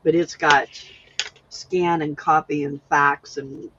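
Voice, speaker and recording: A woman's voice: sits low, steady tone, slow pace, a bit bright, lo-fi sound, slight background noise. A woman hosting a casual late-night crafting live stream, chatty and giggly, reading out viewer comments. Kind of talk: casual chat.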